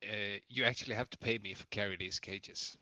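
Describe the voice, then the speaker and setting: A man's voice: on the low side, steady tone, brisk, bright, forceful tone, no room sound, rough recording. A man voicing a greedy goblin porter who haggles and wheedles in a tabletop game. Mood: haggling.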